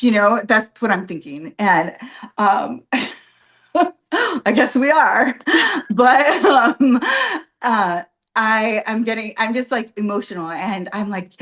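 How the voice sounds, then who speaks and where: A woman's voice: fairly high pitch, expressive, slow pace, long pauses, fairly bright tone. Chatty woman with filler-heavy storytelling. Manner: emotional, laughs often while recounting. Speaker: podcast guest, birth worker. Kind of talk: casual storytelling.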